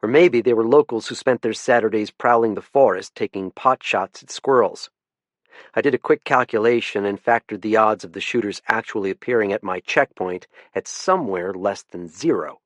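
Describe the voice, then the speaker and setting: A man reading a first-person mystery audiobook in a low, understated voice. His delivery is dry and even. The studio sound is close with no room echo. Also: moderate pace. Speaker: audiobook narrator.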